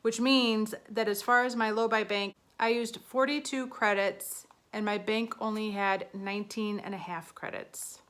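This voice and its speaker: Bright-voiced chatty woman beauty vlogger. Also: medium pitch, fairly even intonation, normal speed, hardly any pauses. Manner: chatty, flustered, counting aloud. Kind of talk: casual talk to camera.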